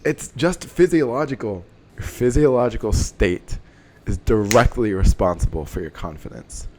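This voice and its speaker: Energetic young man giving pep talk. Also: fairly low pitch, normal speed, background noise. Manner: energetic, swears casually, lively emphasis. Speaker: self-help vlogger. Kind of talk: casual motivational talk to camera.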